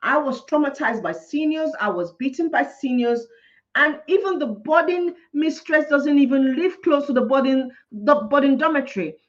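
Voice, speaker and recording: A woman's voice: high voice, animated, normal speed. A woman, a teacher giving indignant, impassioned commentary, ranting and repeating her points for emphasis. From Nigeria. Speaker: teacher and vlogger. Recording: dull lo-fi recording.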